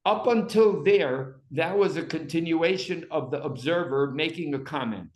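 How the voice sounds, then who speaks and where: Animated man teaching a text class. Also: on the high side, normal speed, roomy sound. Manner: animated, reads Hebrew aloud and acts out dramatic cries. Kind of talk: classroom Bible lesson. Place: room with a small class.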